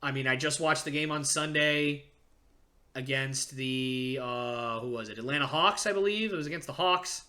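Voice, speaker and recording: A young man hosting a casual sports podcast, ranting excitedly with frequent fillers and restarts. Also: mid-range voice, normal speed. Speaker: podcast host.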